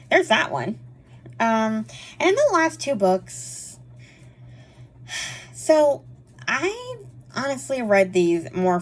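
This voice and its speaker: A woman chatting casually through a monthly reading wrap-up, rambling with lots of fillers. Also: on the low side. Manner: chatty and rambling, frequent fillers and quick laughs. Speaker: book reviewer.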